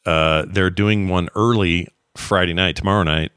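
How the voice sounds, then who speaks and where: Middle-aged man, podcast co-host, low voice, dry close sound, casual joking chat. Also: normal speed, clear, resonant tone, no room sound. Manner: jokey, rambling, animated storytelling.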